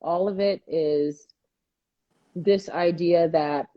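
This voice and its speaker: A woman co-hosting a casual chat show, telling stories in a lively way and acting out the people she quotes. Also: on the low side, slow pace. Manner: animated storytelling, acting out quoted dialogue. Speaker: podcast co-host. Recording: dull lo-fi audio.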